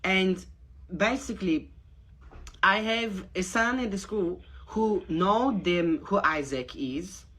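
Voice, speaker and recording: A woman's voice: medium pitch, takes it slowly, fairly bright tone, husky. A woman making a prank call, putting on a thick, odd foreign accent and broken grammar as a pushy neighbor who keeps saying "honey." Her voice stays insistent throughout.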